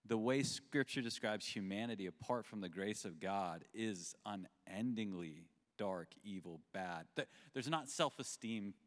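Low-voiced man in a reverberant hall. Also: animated, unhurried, hardly any pauses. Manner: reflective, speaks of Scripture with restarts. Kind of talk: panel discussion.

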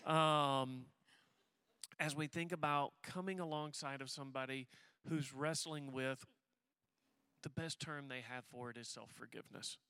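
Bright crisp guy moderating, slow, lots of ums. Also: medium pitch, no room sound. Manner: halting, many fillers, gently joking. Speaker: panel moderator. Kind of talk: moderating a panel discussion.

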